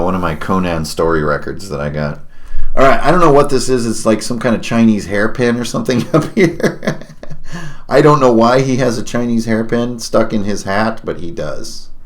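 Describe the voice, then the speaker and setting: A man livestreaming as he draws, chatting casually, musing aloud and laughing often. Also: on the low side. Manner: laughs often, muses aloud while drawing. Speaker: artist streaming while drawing.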